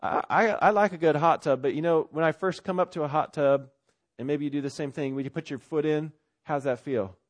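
A man preaching a conversational sermon as pastor, rising to loud swells and dropping to quiet asides. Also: fairly high pitch, a little fast.

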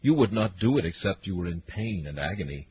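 A man preaching a fiery sermon, swinging from hushed warnings to loud cries. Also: sits low, animated, a little fast. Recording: narrow lo-fi radio broadcast with faint hiss.

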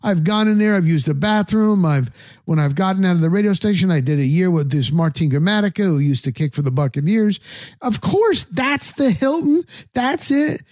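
Middle-aged man, sports talk host, casual rambling story, animated, slightly high pitch, dry recording. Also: fast, no echo. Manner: animated, acts out his own thoughts in quotes. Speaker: sports radio and podcast host.

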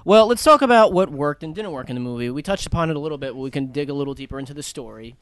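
A man hosting a casual movie podcast, steering the talk with quick jokes. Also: on the high side, expressive, clean tone, dry recording. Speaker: podcast host.

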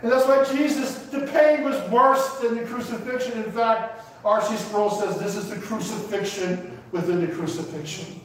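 A man's voice: high voice, steady tone, moderate pace. A man preaching a sermon with emotion, repeating and building his points with emphasis. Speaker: pastor. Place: church sanctuary. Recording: echoey hall from far off.

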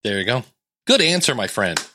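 A man's voice: medium pitch, big pitch swings, normal speed, noisy background. A middle-aged man hosting a podcast, chatting casually and telling stories with playful asides. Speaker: podcast host. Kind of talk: casual podcast chat and monologue.

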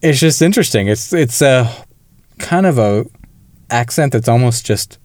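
A man's voice: mid-range voice, animated, moderate pace, darkish tone, dry recording. Dry-sounding man hosting a film podcast. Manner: conversational, explanatory, occasional laughs. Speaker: podcast co-host. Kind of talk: casual film review chat.

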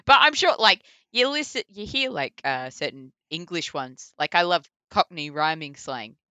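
Woman, Australian accent, bright, crisp, lower pitch, casual interview talk, many fillers. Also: lively intonation, moderate pace, dry recording. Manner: chatty, full of likes and ums, laughs often. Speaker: voice actor guest.

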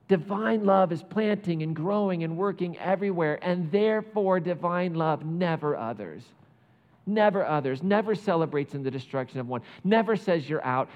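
A man delivers a sermon, his voice sitting slightly high for a man. He tells the story with energy and slips into the characters' lines as he goes. The sound is a little dull and carries the long reverb of a large hall. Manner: animated storytelling, acts out biblical characters. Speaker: pastor.

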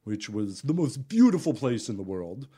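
A man's voice: medium pitch, sing-song, normal speed, dark tone, slightly rough. A man who is a juggler and podcast guest, telling a story in casual conversation with lots of laughter, fillers and restarts.

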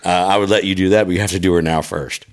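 Talking fast in a low, fairly even voice over some background noise, this middle-aged podcast co-host chats comically while tasting beer. His talk is profane and full of stories, punctuated by frequent laughter.

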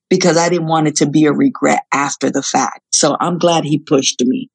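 A woman guest telling a story in a casual interview, animated, swearing casually and acting out the quotes. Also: low voice, brisk, vocal fry, few pauses, husky. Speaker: guest, former reality show contestant.

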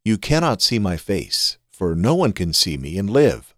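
A man's voice: low-pitched, sing-song, a bit bright, no room sound, clean studio sound, exaggerated voice. Solemn commanding God, read by a man. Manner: measured scripture reading. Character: God speaking, solemn commanding male deity.

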